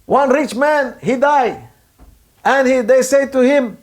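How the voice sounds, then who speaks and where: A man's voice: extremely high pitch, measured pace. A man preaching a sermon in simple, broken English, acting out angry voices to make his points. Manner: non-native English, simple broken grammar; animated, acts out angry ego voices. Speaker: Sufi preacher.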